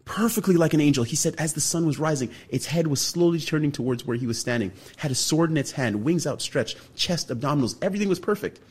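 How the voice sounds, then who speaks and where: A man from Canada, a guest on a radio show, telling a long story with lively energy and acting out the other people in it. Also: on the high side, quick pace, hardly any pauses, breathy edge. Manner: animated storyteller, acts out other people's lines.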